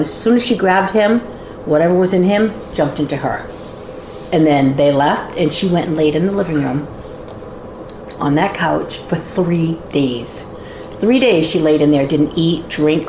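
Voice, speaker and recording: Woman house guide, animated storyteller, lower voice, echoey room with background noise. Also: normal speed. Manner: lively, acts out quoted voices. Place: inside a large old house.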